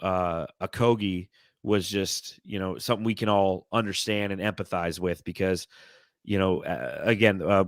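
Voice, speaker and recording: A man co-hosting a sports podcast in casual chat, excitable and quick to laugh, reading out fan comments. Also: on the low side, dry recording, studio quality. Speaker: podcast co-host.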